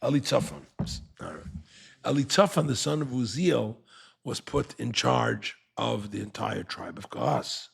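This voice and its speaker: Animated gravelly older male rabbi. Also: mid-range voice, a little slow. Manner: animated, rhetorical questions, acts out quotes. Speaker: rabbi teaching a class. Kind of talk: Torah class with questions from the audience.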